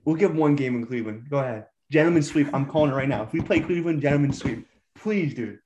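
A man's voice: medium pitch, fast talker, darkish tone, highs cut off, a little hiss or hum. A young man co-hosting a sports podcast, a hyped, trash-talking fan in casual chat. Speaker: podcast co-host.

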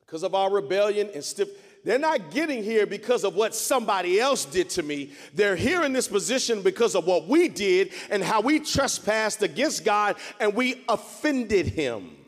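A man's voice: high-pitched, sing-song, normal speed. A male pastor delivering a dramatic sermon, emphatic and repeating phrases for effect. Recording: long hall reverb.

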